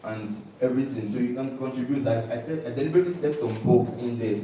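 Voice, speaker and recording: A young man from Nigeria presents his student project in a mellow, relaxed voice. He stresses his points and repeats them, often checking in with his listeners. He sounds far from the mic in a very echoey hall. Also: mid-range voice, fast. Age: young adult. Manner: emphatic, repeats key phrases, keeps asking "do you understand?". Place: large lecture hall. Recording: echoey hall, heard from a distance.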